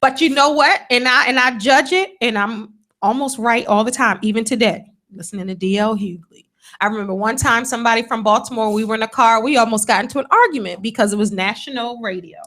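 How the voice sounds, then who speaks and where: A woman with a New Jersey accent, hosting a casual radio talk show as an animated storyteller who laughs often. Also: fairly high pitch, fast. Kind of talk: casual chat.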